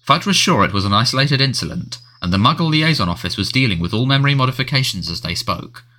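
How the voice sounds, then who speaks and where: A man's voice: medium pitch, animated, fast, pushed and bright. A man narrating a novel as an audiobook, telling the story expressively. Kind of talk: scripted narration.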